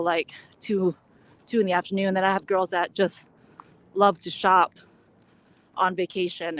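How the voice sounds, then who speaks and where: A woman born in Laos whose first language is Lao, chatting casually as she live-streams on a phone while walking outdoors and answering her viewers. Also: medium pitch. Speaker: live-streaming travel vlogger. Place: outdoors on city streets.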